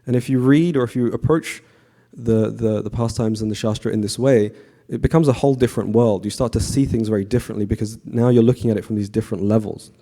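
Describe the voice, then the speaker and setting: Mellow-voiced man giving a temple class. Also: fairly low pitch, quick pace, hardly any pauses. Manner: conversational, asks the audience questions; frequent fillers and restarts, relaxed. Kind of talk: devotional class lecture to a live audience. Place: temple hall with an audience.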